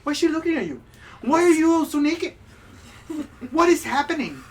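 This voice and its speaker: Man doing a shrill indignant lady. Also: very animated, normal speed, exaggerated voice. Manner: fussy, scolding. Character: indignant flustered woman at a bathhouse. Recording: distant mic, faint noise.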